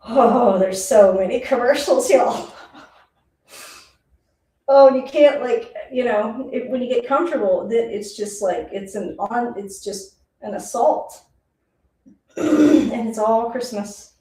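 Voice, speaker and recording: A woman's voice: fairly high pitch, takes it slowly, pauses often, dark tone. A woman streaming a casual live football reaction, chatty and rambling, who laughs often. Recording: roomy, distant mic.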